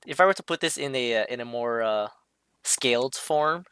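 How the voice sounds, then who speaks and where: A man's voice: mid-range voice, normal speed, fairly bright tone, clean tone, no echo. A man talking casually over a drawing, hesitant, with many fillers and restarts. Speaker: streamer explaining a drawing.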